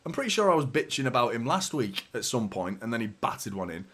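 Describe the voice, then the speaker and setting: A man, hoarse from a sore throat, hosting a fan watchalong with live match commentary and chatty, sweary, teasing banter. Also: medium pitch, big pitch swings, quick pace, hardly any pauses, a bit bright.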